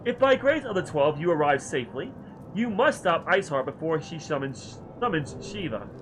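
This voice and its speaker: A man voicing a calm, solemn young male scholar mage in a video game, speaking in a measured, formal way. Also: fairly high pitch, a little hiss or hum, low-quality recording.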